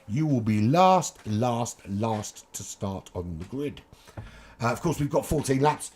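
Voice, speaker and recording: A man commentating a sim racing qualifying session in a chatty, cheeky way, with casual swearing and quick asides. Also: medium pitch, vocal fry, husky. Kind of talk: live esports race commentary.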